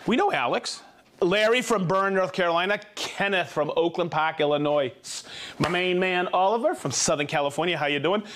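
Cheerfully working through viewer shout-outs on his live tool stream, this man reads out names and hometowns, cracking jokes and fumbling difficult names. His high, fairly bright voice moves at a moderate pace.

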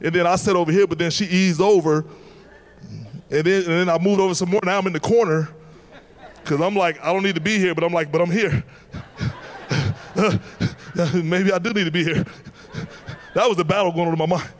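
A male American pastor preaching a sermon, telling a personal story with laughs and shouted emphasis. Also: sits high, a little fast, pauses often. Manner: animated testimony, laughing, rising to shouts.

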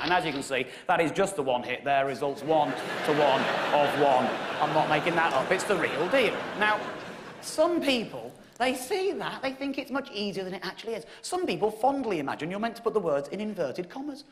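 An English man in his thirties telling a wry comic story on stage, with sudden high emphatic peaks. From England. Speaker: comedian. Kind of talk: stand-up storytelling show. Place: theatre stage with audience laughter.

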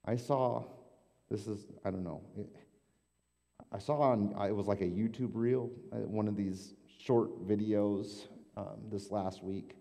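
A man's voice: lowish voice, measured pace, gravelly, warm tone. A male pastor preaching a casual, conversational sermon in a church sanctuary, often repeating words as he thinks. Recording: long church hall reverb.

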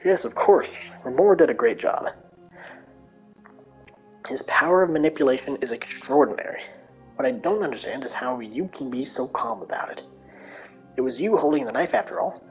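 A woman's voice: a bass voice, moderate pace, pauses often, soft background music, low-quality recording. A woman doing a smug scheming old doctor. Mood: cold. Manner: smug, calm, condescending.

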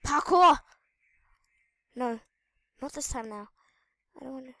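Female gaming host, very high and unhurried voice, excitable and shrieky while narrating play to viewers. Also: dry recording. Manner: excitable, squealing and shrieking at in-game danger; chatty asides to viewers. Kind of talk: live gameplay commentary.

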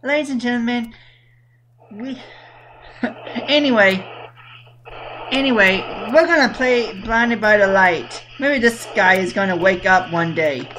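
High-voiced woman hosting internet radio. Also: unhurried, long pauses, noisy background. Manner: taunting, stumbling restarts. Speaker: radio show host. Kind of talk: casual radio banter.

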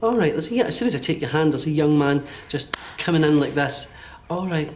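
Man, medium's reading, fairly high voice, faint hiss behind, halting and checking in. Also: animated. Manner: hesitant, relays messages in bursts with many okays. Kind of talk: giving a one-to-one reading.

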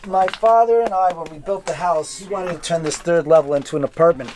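A man guides guests through his house indoors, spinning animated stories and slipping into other people's voices. His voice sits a little high for a man, with faint ambient hum behind him. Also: brisk. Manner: lively, acts out quoted voices. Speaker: homeowner giving a house tour. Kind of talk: animated storytelling.

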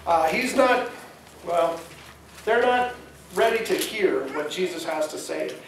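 A man's voice: on the high side, lively intonation, slow, gravelly, a little hiss or hum. A man preaching a sermon as pastor, talking conversationally and asking the congregation questions. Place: church sanctuary. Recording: echoey church hall, mic at a distance.

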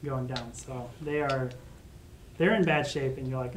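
A man running a tabletop role-playing game, narrating in a casual, halting way full of fillers. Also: mid-range voice, fairly even intonation. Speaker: game master. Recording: echoey room with faint noise.

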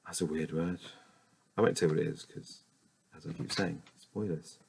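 A man's voice: sits low, fairly even intonation, normal speed, creaky, a little mellow, slight background noise. A man reading dictionary entries aloud one after another, stopping now and then to mutter doubts about how a word is said. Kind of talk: reading a word list aloud with casual asides.

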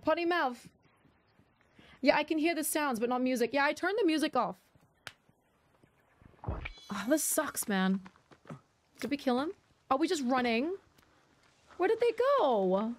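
A woman live-streaming a co-op survival game, chatting with viewers and teammates and reacting loudly when startled. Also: on the high side, slight background noise. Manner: chatty, talks to viewers, jumpy loud reactions. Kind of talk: live co-op gameplay chat.

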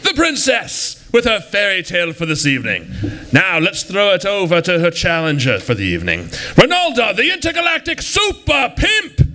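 A man's voice: sits high, huge pitch swings, normal speed, very noisy. A man hosting a live show, introducing contestants with showy ringside announcer flair. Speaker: event host.

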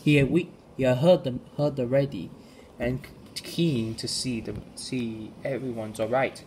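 A man narrating a home-made toy-train story, halting and restarting often as he reads. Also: medium pitch, fairly even intonation, darkish tone, a little hiss or hum. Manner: halting, frequent restarts and stumbles. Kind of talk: amateur storytelling.

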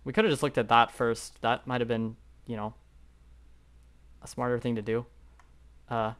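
A man's voice: mid-range voice, flat delivery, normal speed, a bit bright, smooth. A young man commenting on his own geography guessing game, rambling and unsure, thinking aloud with lots of fillers. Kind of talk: live gameplay commentary.

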